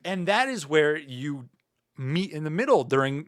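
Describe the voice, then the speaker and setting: Man, streamer, fairly high voice, very lively pitch, rambling rants, playful. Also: unhurried. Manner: joking, rambling, tacking "meow" onto sentences. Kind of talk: casual livestream chat.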